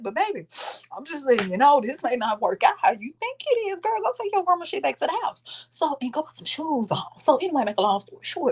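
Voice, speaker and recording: Animated, profane woman telling a story. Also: sits high, fast, slightly rough. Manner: animated, profane, dramatic quoting of others. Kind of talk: casual storytime.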